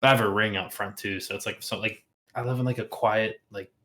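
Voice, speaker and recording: A man's voice: on the low side, steady tone, a little fast, bright, forceful tone. A man co-hosting a casual streamed chat, laid-back and rambling with many fillers. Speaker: podcast co-host.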